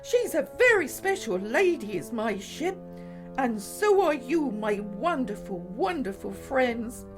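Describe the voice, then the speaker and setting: A jolly old teddy bear sea captain from a storybook, as a woman reader puts him on, calling out fondly in a raised, bouncing voice. He speaks slowly and warmly to his friends. Soft music plays underneath. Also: a little high, big pitch swings, voice pushed up. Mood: fond, exultant. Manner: fond, exclaiming. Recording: faint music behind.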